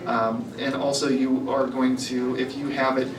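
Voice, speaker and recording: A man's voice: medium pitch, level tone, unhurried, distant mic, noisy background. A man presenting at a live health event, chatting casually with fillers and laughing at his own jokes. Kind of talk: casual talk to a live audience, telling jokes. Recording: echoey hall, voice from afar, crowd behind.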